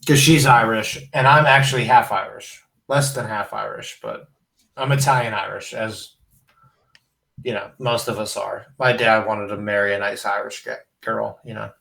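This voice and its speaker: A man's voice: lowish voice, lively intonation, moderate pace, vocal fry, fairly bright tone. A young man chatting casually as a podcast guest, rambling and laid-back, with some swearing. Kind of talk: casual chat, storytelling. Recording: roomy, from a distance.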